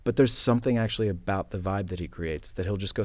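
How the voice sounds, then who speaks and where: A man who is an actor, guest on a studio podcast, telling casual stories in an animated, self-mocking way with the odd swear word. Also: deep voice, fast talker, few pauses, dry recording. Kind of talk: casual storytelling chat.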